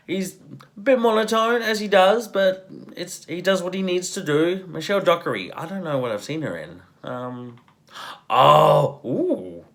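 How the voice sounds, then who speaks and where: A man talking through a film review in an offhand, rambling way. He trails off and restarts, stacks up fillers, and drops swear words without a pause. His level jumps between loud and quiet, and he laughs often. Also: a little high. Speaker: movie reviewer. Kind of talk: casual spoken film review.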